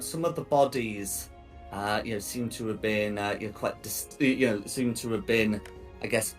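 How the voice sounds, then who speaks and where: Hesitant man running a tabletop game. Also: medium pitch. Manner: hesitant, many ums and restarts. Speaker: game master.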